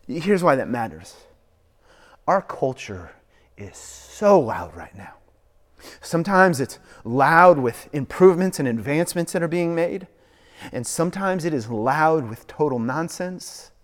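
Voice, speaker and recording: Animated preaching man in a reverberant hall. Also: a little high, moderate pace. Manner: animated preaching, swings from hushed to loud. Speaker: pastor. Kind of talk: sermon. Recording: long reverb of a large hall.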